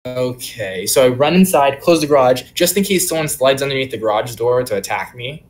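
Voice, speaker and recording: A young man co-hosting a podcast rambles through a long personal story, peppering it with "like" and "um." His mid-range voice has lively intonation and moves fairly quickly.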